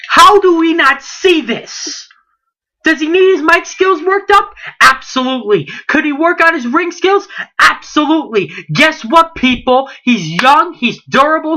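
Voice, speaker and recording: A late-teen wrestling vlogger with a high, sharp-toned voice goes on a heated, indignant rant. He fires off rhetorical questions and keeps repeating himself.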